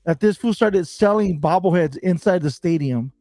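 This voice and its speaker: A man with a fairly high voice tells a story in loose, slangy talk, swearing freely and getting animated as it goes. The sound is close and dry, with no room behind it. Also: normal speed, no room sound, soft background music. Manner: animated and laughing while recounting. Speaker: bobblehead collector telling a story. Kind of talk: casual chat.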